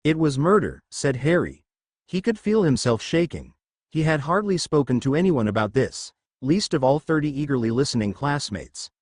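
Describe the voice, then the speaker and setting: A man narrating a fan fiction story in an animated reading style. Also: mid-range voice, normal speed, no echo, studio quality.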